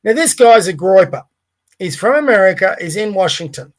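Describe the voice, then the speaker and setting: A man with a fairly high voice hosts a livestream podcast. He talks in a blunt, rambling way and swears freely. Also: big pitch swings, normal speed. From Australia. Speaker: podcast host. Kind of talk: livestream commentary.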